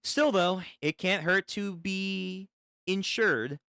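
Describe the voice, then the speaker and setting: A man reading the part of a calm, commanding witches' association leader, in a measured and decisive manner. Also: sits high, creaky, clear, resonant tone, no echo, clean studio sound, pitched above the performer's own voice, full character voice.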